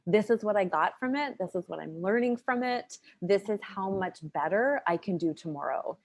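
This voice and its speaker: A woman's voice: mid-range voice, animated, normal speed. A woman guest educator in a video-call interview, speaking earnestly and giving advice about raising girls. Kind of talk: conversational interview.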